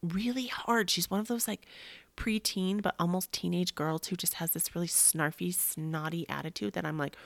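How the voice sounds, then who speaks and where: A woman in her thirties hosting a podcast, telling a personal story in an animated way, with gasps and acted-out quotes. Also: on the low side, normal speed, gravelly, no echo. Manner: animated, gasping, acts out quotes. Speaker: podcast host.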